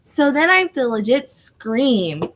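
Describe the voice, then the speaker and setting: Woman, slightly high voice, giggly, scattered casual podcast chat, lots of fillers. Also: big pitch swings, a little slow, a bit bright, rough recording. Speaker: podcast co-host and convention game master.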